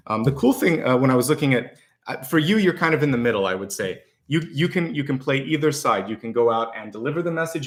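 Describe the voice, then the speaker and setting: A man giving a weekly tarot and astrology reading, speaking directly to his viewers in a reassuring, conversational way. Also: mid-range voice. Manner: conversational, with fillers and restarts. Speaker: tarot reader.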